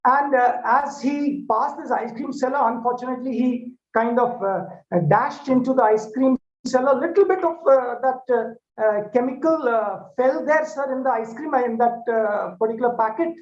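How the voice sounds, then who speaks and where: An Indian English-accented man voicing a panting male stranger who warns urgently, hesitating often. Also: very high-pitched. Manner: hesitant, full of "uh" pauses. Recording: echoey dull lo-fi hall recording.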